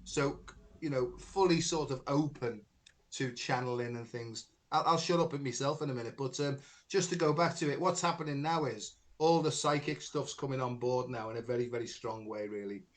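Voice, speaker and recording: A man's voice: mid-range voice, normal speed. Chatty man. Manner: rambling, chatty, many fillers like "you know" and "right". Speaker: podcast host, spiritual healer. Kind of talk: casual conversation, storytelling.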